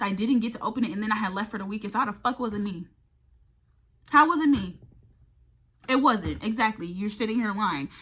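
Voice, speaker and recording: A woman's voice: medium pitch, sharp tone. A young woman vlogger telling a college storytime in a casual, profane, exasperated way. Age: young adult. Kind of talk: storytime vlog.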